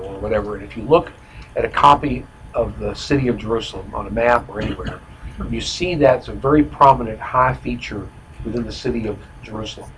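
A man teaching a Bible study in a conversational way, often pausing to explain and correcting himself with fillers. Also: on the low side, a bit bright, a little hiss or hum, low-quality recording. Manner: self-correcting with frequent fillers.

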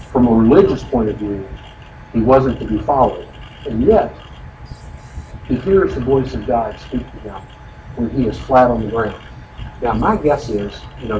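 A man teaching a conversational Bible study, explaining scripture in a folksy way with many asides. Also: medium pitch. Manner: explanatory, folksy, frequent "you know" asides. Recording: echoey room from far off with noise.

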